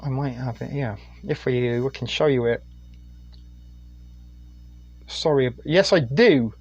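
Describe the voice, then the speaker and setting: A man's voice: mid-range voice, unhurried, husky, dry recording, dull audio. British man, middle-aged, live stream host, rambling, crude, phone mic. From United Kingdom. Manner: rambling, crude, reads chat aloud. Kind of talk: crude late-night live stream chat.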